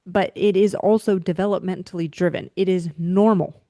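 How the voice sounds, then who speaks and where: A woman giving parenting advice as a faith-based behavior coach, teaching in an animated, emphatic way and checking in with listeners. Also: fairly low pitch, normal speed, no echo, clean studio sound.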